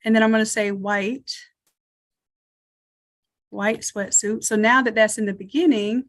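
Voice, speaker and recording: A woman leads a live screen-share tutorial in a fairly high voice. She talks casually and thinks out loud, narrating each click as she goes and inviting her viewers to chime in. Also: fairly even intonation, a little slow. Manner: chatty, thinks aloud while working. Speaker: online design instructor.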